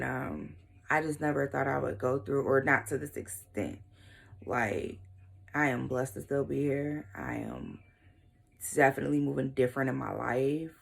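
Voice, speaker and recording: A young woman speaks straight to her viewers in a deep voice with a lot of fry. She tells a personal story in casual talk, waving off side details as she goes. Her tone is frank and unpolished. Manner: casual, shrugging asides like "blah, blah" and "whatever". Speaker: vlogger.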